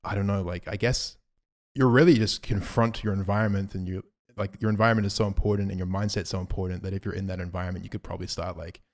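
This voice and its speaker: Quick-talking low-voiced young man. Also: steady tone, creaky. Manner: quick, thoughtful, with many filler likes. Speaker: podcast co-host. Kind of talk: casual chat.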